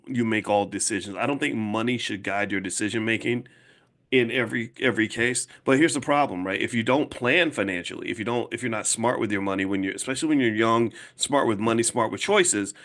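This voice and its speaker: A man in his fifties speaking to a live audience as a finance educator, emphatic and casual, repeating points slowly to drive them home. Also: on the low side, fairly bright tone. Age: 50s. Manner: emphatic, slow and repetitive for emphasis; casual, conversational, direct address. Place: room with an audience.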